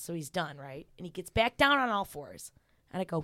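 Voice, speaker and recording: A woman's voice: fairly low pitch, very animated, normal speed, fairly bright tone, no echo. A young woman comedian, a podcast guest, telling a story in casual chat, laughing as she acts out quotes.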